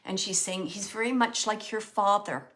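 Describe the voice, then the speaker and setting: A woman giving a spiritual reading as a medium, gently relaying messages and pausing often to search for words. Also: medium pitch. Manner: halting, searching for words, many pauses and fillers. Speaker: psychic medium.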